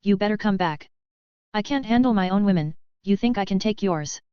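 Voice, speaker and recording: A woman's voice: mid-range voice, a little fast, clear, resonant tone, dry recording, lightly acted. A woman reading the lines of a brash, wisecracking male cultivator in an audiobook, blunt and bossy in her delivery. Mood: mocking. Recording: dry, slightly dull lo-fi recording.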